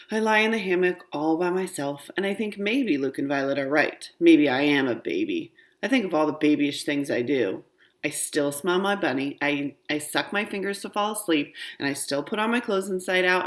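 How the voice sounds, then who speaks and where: A woman's voice: lowish voice, big pitch swings, normal speed. A woman reading a children's book aloud, narrating expressively in a young girl's first-person voice. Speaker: audiobook reader.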